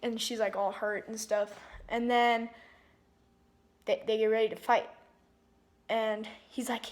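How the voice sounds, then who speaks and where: A woman with a slightly high voice retells a movie plot in a loose, rambling way. She leans on "like" constantly and often backs up to fix what she just said. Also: flat delivery, a little slow, long pauses. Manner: rambling, heavy use of "like", frequent restarts. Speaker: movie reviewer.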